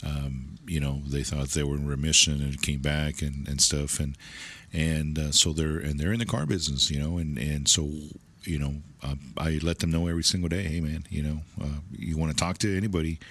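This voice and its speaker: A man's voice: a bass voice, steady tone, a little fast, hardly any pauses, a bit bright, no room sound. A man, a dealership manager chatting as a guest in an interview, rambling with many restarts and fillers. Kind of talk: casual interview chat.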